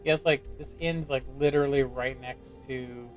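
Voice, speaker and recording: Monotone man in his forties streaming. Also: mid-range voice, measured pace, faint music behind. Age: 40s. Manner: monotone, rambling, self-doubting. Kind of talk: casual gameplay commentary.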